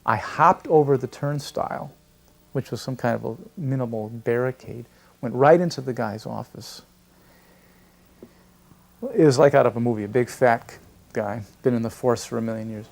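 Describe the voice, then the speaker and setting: An older man telling a personal anecdote in a lively, storytelling way. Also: medium pitch, moderate pace, creaky. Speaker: devotee recalling memories. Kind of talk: storytelling interview.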